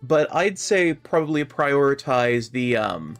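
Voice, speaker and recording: A man hanging out on a friend's game stream, chatting casually as they farm together. His mid-pitched voice rises and falls animatedly as he jokes around and laughs. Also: lively intonation, measured pace, soft background music. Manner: joking, laughs a lot, slips into goofy bits. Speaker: guest co-player on a stream. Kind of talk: casual gaming chat.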